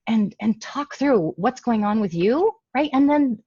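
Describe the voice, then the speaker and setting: A woman's voice: fairly high pitch, lively intonation, measured pace, mellow, husky, no echo, muffled recording. A woman giving a casual, emphatic talk to parents over a computer mic. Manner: conversational, emphatic. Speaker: presenter speaking to parents.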